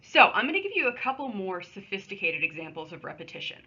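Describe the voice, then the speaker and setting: A woman's voice: medium pitch, sing-song, fast talker, pushed and bright, breathy edge, highs cut off. A woman teacher giving a recorded remote English lesson, explaining patiently in a conversational way with small asides, recorded at home on a computer microphone. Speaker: high school English teacher.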